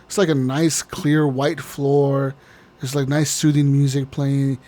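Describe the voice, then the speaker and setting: A man co-hosting a casual podcast, ranting in a profane, animated way and laughing often. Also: mid-range voice, measured pace. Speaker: podcast co-host.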